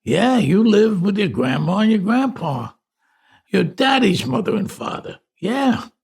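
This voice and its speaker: Doting middle-aged aunts gush over a grown nephew in a high, lilting singsong, as a male memoir narrator puts them on. The tone stays gravelly and husky underneath. It swings widely in pitch. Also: sing-song, measured pace, darkish tone, exaggerated voice. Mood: fond.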